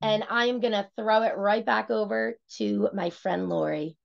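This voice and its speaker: A woman giving an upbeat, enthusiastic sales pitch and talking straight to her listeners. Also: fairly even intonation, normal speed, vocal fry. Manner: enthusiastic, addresses listeners directly. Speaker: senior executive director presenting a sales event. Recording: muffled lo-fi audio.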